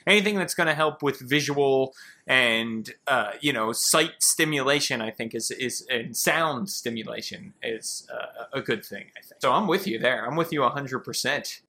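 Bright-voiced man hosting a panel. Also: medium pitch, moderate pace. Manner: laughs often, hands questions to each guest. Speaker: podcast host moderating a panel. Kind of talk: casual panel discussion.

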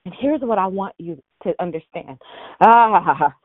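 A woman's voice: fairly low pitch, expressive, unhurried, no room sound. Woman, prayer leader, out of breath, emphatic, encouraging, dry narrow phone sound. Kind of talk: spirited prayer ministry on a call. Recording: tinny phone line.

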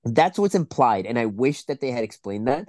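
A man's voice: mid-range voice, big pitch swings, moderate pace, darkish tone, no echo, studio quality. A man with a stuffy, congested nose, co-hosting a casual movie-review podcast, ranting emphatically and swearing often. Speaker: podcast co-host.

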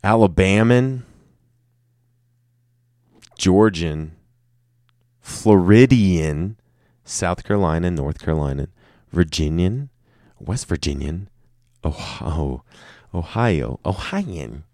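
A man's voice: low voice, lively intonation, takes it slowly, pauses often, a little mellow, no echo, studio quality. A young man talking in a rambling, joking, profane monologue, poking fun at himself. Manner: joking, profane, self-mocking.

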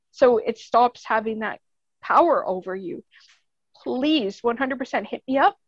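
A woman's voice: on the high side, no room sound, lo-fi sound. A woman with a Canadian accent, speaking as a podcast guest in casual, earnest, rambling chat, laughing often.

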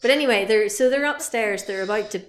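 A woman co-hosting a podcast chats casually and animatedly, retelling a horror film and throwing in playful sound effects. She speaks fast at a medium pitch, and the room sounds echoey.

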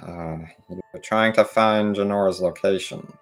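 A man's voice: fairly low pitch, steady tone, normal speed, soft background music, lightly acted. A man voicing a laid-back, fly-loving male frog who talks in an easygoing, wistful, playful way. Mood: friendly.

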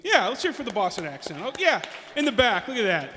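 A man's voice: high-pitched, sing-song, quick pace, sharp tone, in a large hall, a little hiss or hum. A man telling stand-up stories about his family in a rambling, hesitant way. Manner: rambling, hesitant, with many restarts. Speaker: comedian. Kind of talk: stand-up comedy storytelling.

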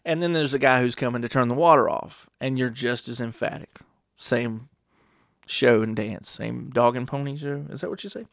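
A man's voice: mid-range voice, fairly even intonation, moderate pace, creaky, a bit bright, no room sound, studio quality. A man talking casually in a rambling, profane monologue, full of rhetorical questions.

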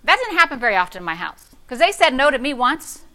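A middle-aged woman pastor, her voice high and her pace fast, tells a story in her sermon. She preaches with sassy, animated flair, going from soft and hushed to loud.

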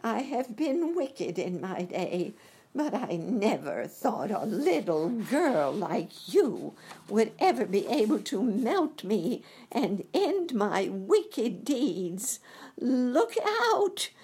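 A woman voicing a wicked old witch, cunning and cackling, with a shrill, wailing, drawn-out voice. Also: very animated, darkish tone, slightly rough, heavily acted.

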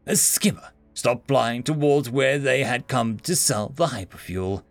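A man's voice: medium pitch, lively intonation, a little slow, creaky, dry recording, faint music behind. A man narrating a sci-fi story in a dry, wry storytelling manner.

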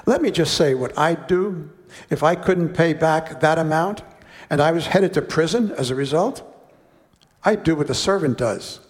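A man's voice: a little high, moderate pace, long reverb tail. A man preaching a sermon, reading a parable aloud and breaking off for conversational, wry asides.

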